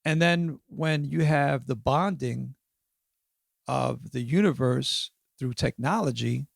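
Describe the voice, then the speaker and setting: A man's voice: medium pitch, slow pace, gravelly, dry recording, clean studio sound. A man in his fifties, a podcast guest and author, talking through his experiences in a reflective way, often checking in with "right?" and "you know". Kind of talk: casual interview conversation.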